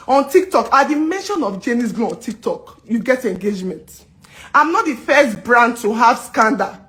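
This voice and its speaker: A woman's voice: fairly high pitch, very animated, moderate pace, fairly bright tone, a little hiss or hum. A woman speaking straight to her audience, pleading and indignant, repeating herself as she rejects claims made about her. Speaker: business owner responding to online claims. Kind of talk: emotional direct-to-camera rant.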